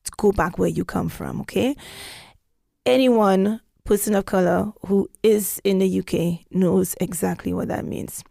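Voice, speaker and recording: A woman telling a story in casual podcast chat, animated and acting out the quotes she tells. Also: unhurried, creaky, dry recording. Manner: animated, acts out quotes with big pitch jumps.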